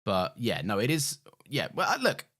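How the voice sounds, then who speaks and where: A man co-hosts a podcast in loose, casual chat. His pitch swings widely and animatedly as he rambles, laughing and swearing freely. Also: big pitch swings, moderate pace, bright, forceful tone. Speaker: podcast co-host.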